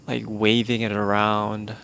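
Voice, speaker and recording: A man hosting a casual solo podcast, talking in a relaxed, meandering way into a handheld microphone while outdoors. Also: fairly low pitch, unhurried, creaky, slight background noise. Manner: relaxed, meandering, with many "like" fillers. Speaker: podcast host. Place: outdoors in a remote spot.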